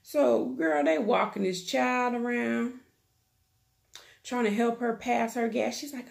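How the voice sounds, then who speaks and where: A woman's voice: fairly high pitch, takes it slowly, vocal fry. A woman hosting her own channel, recapping a reality show in a chatty, gossipy, slangy way. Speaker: YouTube TV recap host. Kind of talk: casual reality-TV recap chat.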